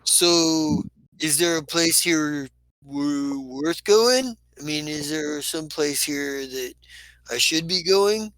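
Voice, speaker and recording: A man's voice: on the high side, takes it slowly, fairly bright tone, no room sound, rough recording. A man voicing an aimless, confused male goblin who rambles and loses his own train of thought. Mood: puzzled. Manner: dazed, rambling, easily confused.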